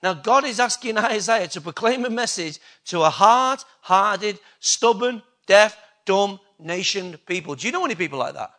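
A man's voice: high voice, expressive, moderate pace, hardly any pauses, pushed and bright. A man preaching a sermon, emphatic and full of rhetorical questions to the congregation.

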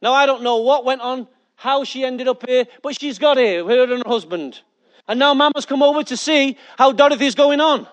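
A male pastor, preaching a sermon with lively rhetorical questions and jokey asides to his church. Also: very high voice, normal speed.

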